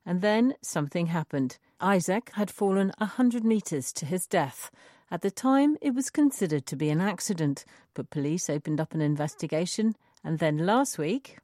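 A woman reporter reading a scripted news report in a measured delivery. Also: on the low side, lively intonation, warm tone, no echo, clean studio sound.

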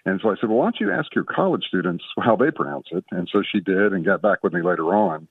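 A man's voice: sits low, lively intonation, quick pace, husky, dry recording, distant mic. A man in his fifties from Florida, calling in to a radio show with an earnest, chatty question. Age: 50s. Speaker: caller. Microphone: phone. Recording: tinny phone line.

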